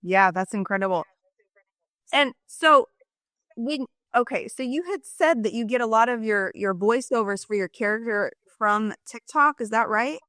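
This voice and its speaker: Female podcast host, middle-aged, smooth voice, eager chatty manner, dry close sound. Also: a little high, pushed and bright, no room sound. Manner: enthusiastic, chatty, quick asides. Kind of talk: casual interview chat.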